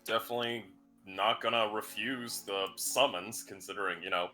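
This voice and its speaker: A man's voice: fairly low pitch, fairly even intonation, normal speed, sharp tone, faint music behind. A man playing in a tabletop game, chatty and joking in a casual way. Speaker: player.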